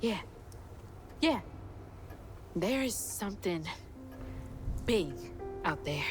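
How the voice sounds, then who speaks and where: A woman's voice: medium pitch, expressive, drawn-out words, music in the background. A young woman, voicing a frightened young woman in a video game, pleading and urgent. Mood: desperate. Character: frightened young woman searching for her mother.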